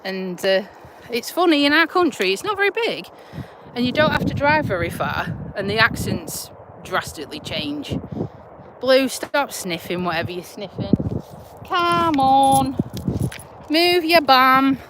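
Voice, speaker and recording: A woman's voice: mid-range voice, very animated, moderate pace, heavy background noise. A woman with a Yorkshire-Lincolnshire accent, chatting casually and bluntly on a live stream while out walking her dog, talking into a handheld phone. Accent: Yorkshire-Lincolnshire English. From Lincolnshire, England. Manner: chatty, laughing, broad and blunt. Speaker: vlogger, nurse. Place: outdoors on a country walk.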